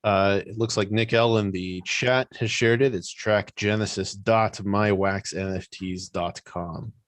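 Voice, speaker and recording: A man's voice: fairly low pitch, fairly even intonation, unhurried, no room sound. A man speaking plainly and matter-of-factly in a casual online chat.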